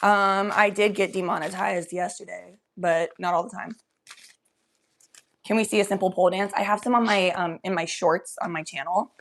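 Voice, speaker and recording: A young woman hosting a casual livestream from her room at home, talking loosely, high and coughing from smoke. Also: steady tone, normal speed. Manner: loose, chatty, often coughing between lines. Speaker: livestream host. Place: home bedroom.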